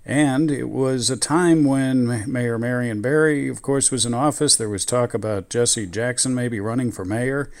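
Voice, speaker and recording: A man who once ran a radio station, a guest reminiscing in a measured, reflective way with frequent restarts. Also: medium pitch, darkish tone.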